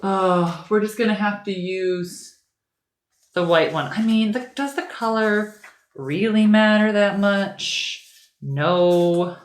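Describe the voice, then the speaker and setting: A woman's voice: takes it slowly, roomy sound. A young woman chatting casually through a home craft tutorial, rambling and easily sidetracked as she works at a table. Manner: rambling, easily sidetracked, talks to her cat in a high baby voice. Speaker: lifestyle vlogger.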